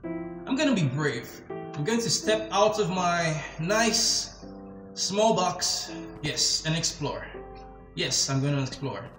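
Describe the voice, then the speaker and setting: A young man talks through his game as he plays, excitable and easily spooked, his voice sitting a little on the high side. The sound is roomy, with game music playing clearly behind him. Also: slow. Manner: excitable, jumpy, narrates every step, frequent nervous laughs. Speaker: gaming channel host. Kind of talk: casual gameplay commentary.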